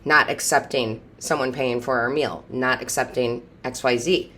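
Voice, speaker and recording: A woman with a low voice gives an intuitive tarot reading straight to camera. She talks to viewers in a chatty, upbeat manner, and her voice rises and drops sharply as she goes. A faint hiss sits behind her. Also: normal speed. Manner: lively swings in pitch and loudness. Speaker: tarot reader and medium.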